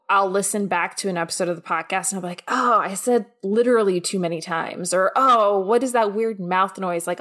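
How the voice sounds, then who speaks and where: Young female podcast host, casual and chatty, quick outbursts. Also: medium pitch, fairly bright tone.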